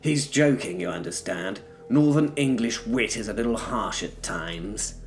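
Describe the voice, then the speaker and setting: A man's voice: medium pitch, animated, very slow, a bit bright, soft background music, voice pushed up, heavily acted. A man reading aloud, voicing his narrator as a nervous, overly polite young man with a wheedling, pleading tone.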